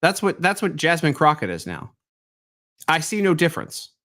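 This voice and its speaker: Male livestream host, animated and incredulous, pitch swinging widely. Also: normal speed. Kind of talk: live-stream commentary.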